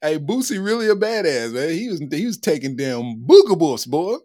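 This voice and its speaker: Hosting a comedy podcast, a man with a warm, sing-song voice on the high side talks at a moderate pace. He offers irreverent, casual comedic commentary in loose slang, laughing often, in a dry, studio-quality recording.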